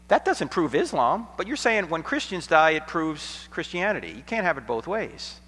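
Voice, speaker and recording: A middle-aged American man giving an apologetics lecture to college students, telling stories dramatically, sometimes hushed and sometimes nearly shouting, with a sarcastic edge. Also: fairly high pitch, very animated, moderate pace, few pauses. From United States. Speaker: Christian apologetics speaker. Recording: long hall reverb.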